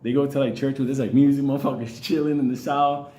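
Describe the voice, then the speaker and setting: A man's voice: medium pitch, steady tone, fast talker, dark tone. Foul-mouthed rambling man, echoey room. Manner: profanity-heavy and rambling, often laughing. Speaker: channel host. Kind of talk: profane personal storytelling.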